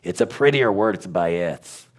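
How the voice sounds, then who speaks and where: Man, lowish voice, guest teacher, breaks words into sounds and repeats them. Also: moderate pace. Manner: drills sounds aloud, repeating syllables. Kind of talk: animated teaching chat.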